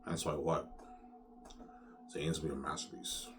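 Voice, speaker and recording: A man's voice: rumbling low, level tone, moderate pace, recorded from a distance, over music. A man rambling casually to his viewers, repeating himself and tossing in "man" and "yeah". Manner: repetitive, keeps saying "man" and "yeah".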